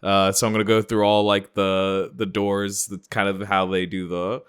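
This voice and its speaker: A man's voice: lowish voice, flat delivery, moderate pace, clear, resonant tone. A man playing a tabletop game, talking casually in a loose, rambling and hesitant way. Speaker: player. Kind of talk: casual in-character play.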